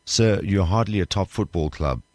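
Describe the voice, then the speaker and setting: A man making a prank phone call in a formal, hesitant and politely officious way, with a deadpan delivery. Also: low-pitched, moderate pace, no echo. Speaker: radio prank caller.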